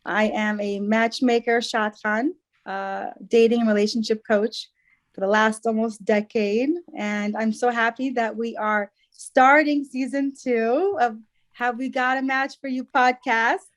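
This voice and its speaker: A woman's voice: fairly high pitch, steady tone, a little slow. A woman co-hosting a podcast as a matchmaker and dating coach, chatting in a bubbly, casual way.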